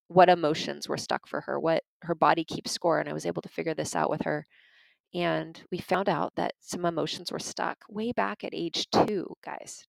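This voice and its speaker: A woman's voice: low-pitched, creaky, no room sound, low-quality recording. A woman giving an informal teaching talk on parenting and emotions, earnest and conversational, telling stories and speaking straight to her listeners. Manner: conversational, addresses listeners as "you guys"; earnest, storytelling.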